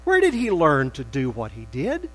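A man preaching a sermon as pastor, emphatic and animated, acting out quoted lines with rising bursts. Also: a little high, normal speed, in a large hall, rough recording.

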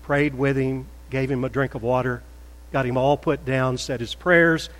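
An older man preaching a sermon in a church, stressing words loudly, then dropping to a soft prayerful tone. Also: mid-range voice, fairly even intonation, moderate pace, in a large hall, rough recording. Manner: emphatic, swings between loud stresses and soft prayer. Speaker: pastor. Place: church sanctuary.

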